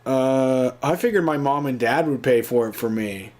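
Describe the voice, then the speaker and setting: A man's voice: medium pitch, moderate pace, a little mellow. A man co-hosting a casual comedic talk show, riffing on topics and spinning mock scenarios. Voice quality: jokey, riffs into mock scenarios. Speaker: podcast co-host.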